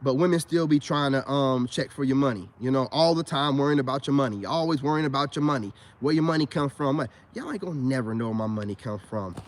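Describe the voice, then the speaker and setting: A man's voice: mid-range voice, fast, few pauses. A middle-aged man ranting in a profane, boastful monologue full of street slang. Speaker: online commentator.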